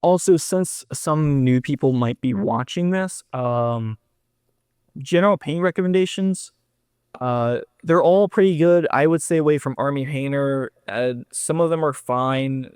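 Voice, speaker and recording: A young man co-hosts a relaxed hobby conversation, rambling a little and filling pauses as he thinks. His voice sits at an ordinary middle pitch and is recorded dry and close, with no room sound. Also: smooth, dry recording. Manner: relaxed, loose, with many fillers. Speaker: podcast co-host. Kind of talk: casual hobby chat.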